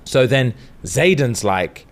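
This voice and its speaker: A man's voice: mid-range voice, lively intonation, takes it slowly. A young man, casually retelling a story on a podcast and acting out the characters' lines with slang and swearing. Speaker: podcast co-host.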